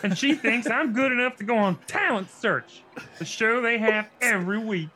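A man reading aloud and voicing a boastful, excited young girl who gushes breathlessly. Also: very high voice, takes it slowly, gravelly, pitched above the performer's own voice, heavily acted. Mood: gushing. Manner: gushing, breathless.

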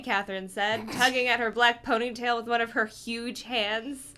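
A woman with a bright, fairly high voice reads a spooky kids' book for laughs. She giggles through the lines and breaks off for sarcastic comments. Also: steady tone, unhurried. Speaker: podcast co-host reading aloud. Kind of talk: comedic book reading.

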